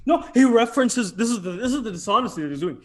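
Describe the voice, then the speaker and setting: A man hosting a casual commentary chat, retelling events in an animated way. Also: extremely high pitch. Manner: animated, quick storytelling. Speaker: channel host.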